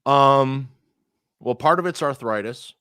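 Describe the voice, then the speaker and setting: A man's voice: medium pitch, slow pace, clear, resonant tone, no echo, clean studio sound. A man telling a personal story in casual chat, swearing freely and acting out the people he quotes. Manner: profane, animated, acts out quoted people.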